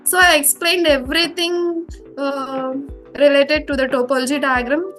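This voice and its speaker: A young woman with an Indian English accent speaks in a high voice, hesitating often with fillers as she answers questions. Soft music plays faintly under her. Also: fairly even intonation, moderate pace. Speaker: former student interviewed. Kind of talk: casual interview.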